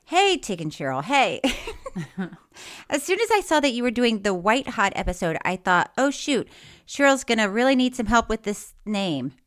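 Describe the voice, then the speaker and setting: A woman's voice: a little high, very animated, normal speed, fairly bright tone. A woman co-hosting a podcast in casual chat, reading listener mail in a playful, giggly way. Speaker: podcast co-host.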